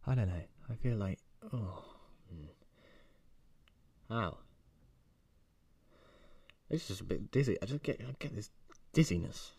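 Man, comedy podcast co-host, deep and slow, dazed mumbling delivery, dry close sound. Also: expressive, vocal fry, dark tone, husky. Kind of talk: comedic improvised chat.

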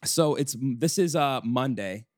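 Young male podcast host, mid-range voice, dry close sound, animated storyteller who swears freely. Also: medium pitch, measured pace, dry recording. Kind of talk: casual chat.

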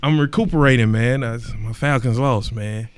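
Man hosting a podcast, casual and emphatic, goes big and loud when making a point. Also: medium pitch, normal speed, clean tone, no echo. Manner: animated and emphatic, rising to loud exclamations; colloquial, repeats words for emphasis. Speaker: podcast host.

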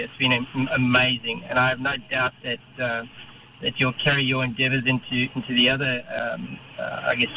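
A South African man calls in to thank the hosts, sincere and halting with many fillers. His delivery stays flat. Clear background noise sits under his line. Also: mid-range voice. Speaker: caller, station staff. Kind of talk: phone-in call.

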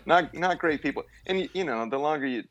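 A man guesting on a podcast, chatting casually about acting as a rambling, animated storyteller who restarts often. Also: on the high side, fast. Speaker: guest, actor and musician.

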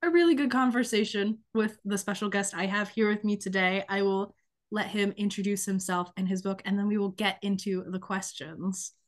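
A woman's voice: medium pitch, steady tone, moderate pace. A young woman hosting a podcast interview, chatty and a little rambling, her voice slightly worn from losing it. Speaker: podcast host. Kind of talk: casual interview chat.

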